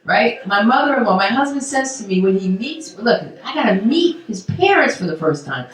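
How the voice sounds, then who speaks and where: A woman stand-up comedian telling stories in a brash, loud, animated way on a comedy club stage. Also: a little high, normal speed. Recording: roomy club sound from far off.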